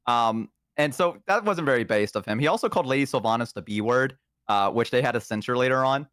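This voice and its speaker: A man with an ordinary mid-range voice talks casually, rambling and filling pauses with ums and uhs. He sits close to his microphone in a dry room. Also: medium pitch, lively intonation, a bit bright, smooth, no room sound. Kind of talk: casual chat.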